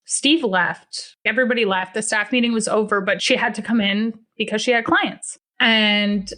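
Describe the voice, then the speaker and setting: A young woman telling a personal story in a relaxed, conversational way, slipping into the voices of the people she quotes. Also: mid-range voice, normal speed. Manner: conversational, acts out the dialogue in quotes. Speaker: guest storyteller. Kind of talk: first-person true story told to a podcast.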